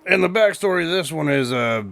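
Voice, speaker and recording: A man co-hosting a casual review chat, animated and quick to laugh as he steers the talk. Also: a little high, gravelly, dry recording. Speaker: co-host reviewing wrestling.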